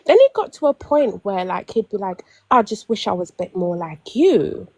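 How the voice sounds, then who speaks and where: A woman's voice: medium pitch, a little fast, no room sound. A young woman telling a long personal story in casual chat, acting out quotes and often restarting. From London. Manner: animated storytelling, acts out quotes, many restarts. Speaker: panel caller.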